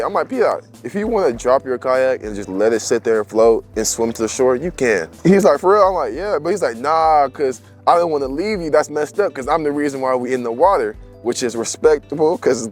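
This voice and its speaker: A young man telling a story in casual, slangy chat and laughing as he goes. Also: medium pitch.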